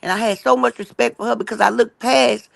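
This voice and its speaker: A woman with a gravelly, slightly high voice pours out an earnest religious testimony at a fast pace. She keeps checking in with her listeners as she goes. Her voice sounds dry and close. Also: steady tone, dry recording. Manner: fast and emphatic, keeps asking "right?" and calling "y'all". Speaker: guest telling her story. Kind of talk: rambling personal testimony.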